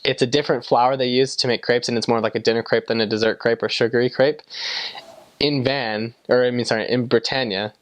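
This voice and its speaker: Young man from the United States, chatty, full of fillers, mid-pitched voice, dry close recording. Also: steady tone, a little fast, dry recording. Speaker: former missionary. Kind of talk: casual interview answers.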